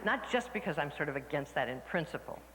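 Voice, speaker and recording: A woman speaker telling lively stories to a workshop audience, laughing and acting out the people she quotes. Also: deep voice, fast. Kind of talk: storytelling talk to a live audience. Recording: reverberant hall with faint noise.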